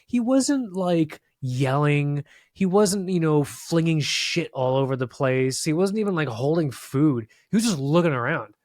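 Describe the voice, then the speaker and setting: In a podcast studio, a male co-host with a fairly high, animated, slightly mellow voice tells a rambling story, unhurried and with few pauses. He curses freely and often restarts sentences, recorded at studio quality without echo.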